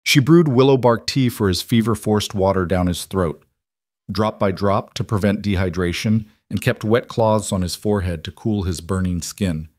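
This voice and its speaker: A man narrating a scripted frontier story in a steady, measured way. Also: fairly low pitch, dry recording, studio quality.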